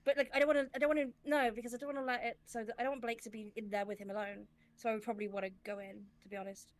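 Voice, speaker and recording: A woman playing a tabletop role-playing game, talking in a hesitant, rambling, excitable way. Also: a little high, very fast. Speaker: player. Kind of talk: casual tabletop game chat.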